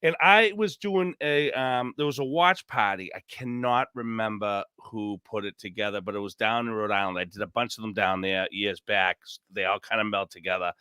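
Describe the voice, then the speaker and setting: A man telling stories on a podcast as a guest, animated and rambling, acting out quotes. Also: on the low side, moderate pace, hardly any pauses, clean tone, no echo, clean studio sound. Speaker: podcast guest, former contestant. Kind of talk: casual storytelling chat.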